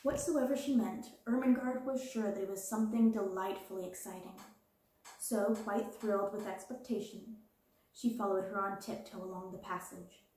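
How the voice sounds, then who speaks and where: A woman reading a children's classic aloud as a storyteller, with gentle, even narration. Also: medium pitch, heavy reverb, poor audio.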